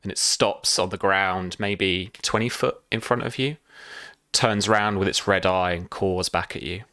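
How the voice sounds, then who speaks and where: Man, very low voice, slow unhurried delivery, game master narration, hesitant fillers. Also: fairly even intonation, bright, forceful tone, no room sound, studio quality.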